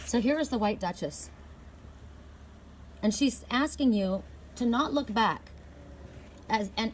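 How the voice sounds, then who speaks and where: A middle-aged woman reads oracle cards outdoors, her voice earnest and encouraging with emphatic bursts of excitement. She talks into a camera mic with faint noise behind her. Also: medium pitch. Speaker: oracle card reader. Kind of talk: outdoor tarot-style card reading. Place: outdoors in the cold by an inn.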